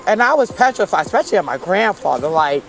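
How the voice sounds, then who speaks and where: Quick-paced with vocal fry and big pitch swings, a medium-pitched woman from Brooklyn gives personal testimony in an interview, on a rough recording. She recounts her difficult life bluntly, emotionally, and in street-style language.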